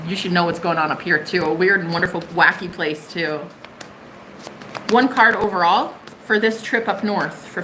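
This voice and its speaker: A woman's voice: on the low side, bright, forceful tone, slight background noise, low-quality recording. A young woman from the United States giving a live-stream tarot reading, chatty and bubbly with plenty of swearing. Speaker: tarot reader.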